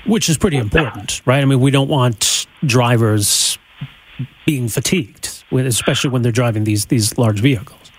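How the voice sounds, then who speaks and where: Husky-voiced male radio host asking questions. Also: medium pitch, normal speed. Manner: prompting questions, conversational. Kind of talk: radio interview.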